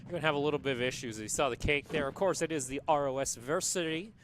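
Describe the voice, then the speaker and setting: A man's voice: on the high side, fast, noisy background. A man giving chatty esports color commentary, sometimes acting out what the players might be saying.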